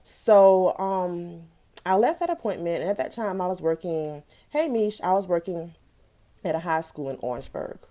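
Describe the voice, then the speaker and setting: A woman in her thirties with a somewhat low voice speaks in a casual, heartfelt testimonial. She stops to greet viewers by name and leans into a preachy tone when she makes her point. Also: expressive, moderate pace, mellow. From South Carolina. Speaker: live stream host sharing a personal story.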